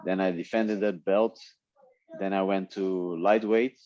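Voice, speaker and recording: A man whose first language is Dutch, telling stories in a relaxed way in a casual interview, often laughing. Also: low voice, unhurried, no echo, lo-fi sound. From Netherlands. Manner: relaxed storytelling with frequent laughs and restarts. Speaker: guest, MMA fighter.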